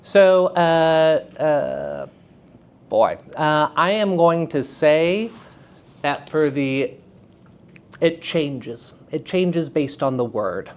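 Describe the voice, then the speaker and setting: A man giving a live drama workshop to high school students, chatty and self-deprecating, often turning to the class with questions. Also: lively intonation, very slow, clean tone, dull audio.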